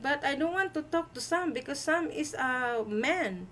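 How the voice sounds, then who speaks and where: Emphatic high-voiced woman streamer. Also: lively intonation, a bit bright, slight background noise, poor audio. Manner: emphatic, repeats herself, halting with fillers. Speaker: livestream host. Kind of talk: live-stream commentary.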